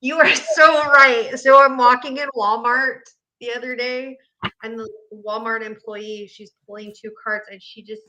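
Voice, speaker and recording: A woman co-hosting a live tarot stream, chatting casually and telling quick stories. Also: fairly high pitch, steady tone, pushed and bright, slight background noise, poor audio. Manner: laughs easily, tells quick anecdotes. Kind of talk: casual chat.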